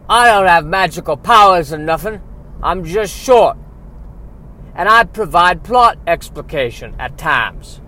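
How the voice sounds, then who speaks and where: A fawning little house elf. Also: male voice, extremely high pitch, bright, forceful tone, voice pushed up, full character voice. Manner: fawning, mixing British and Southern accents. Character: meek short male house elf servant. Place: in a car.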